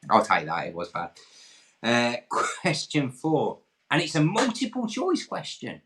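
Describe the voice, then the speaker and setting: A man's voice: mid-range voice, wildly swooping pitch, a little slow, fairly bright tone. A man from England hosting an online pub quiz, reading questions in a jokey, self-deprecating way. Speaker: quiz host.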